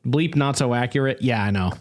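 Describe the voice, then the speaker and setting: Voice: mid-range voice, fairly quick. A streamer chatting casually on a live stream, joking around and answering viewers' questions. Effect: voice changer at times.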